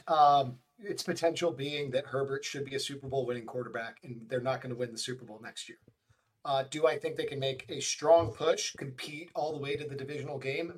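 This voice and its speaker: A man, a guest on a sports podcast, chatting casually and quizzing the others. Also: a little high.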